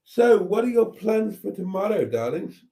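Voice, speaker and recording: This male livestream host has a high-pitched, husky, gravelly voice with a dark tone, very animated yet slow in pace. He chats casually and reads out viewers' comments theatrically, calling them darlings.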